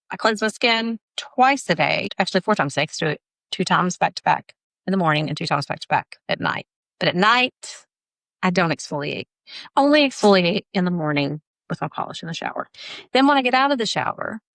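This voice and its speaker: A woman's voice: lowish voice, creaky, fairly bright tone, dry recording. A woman in her forties, an esthetician, chatting through a casual tutorial in her home bathroom and repeating her instructions emphatically.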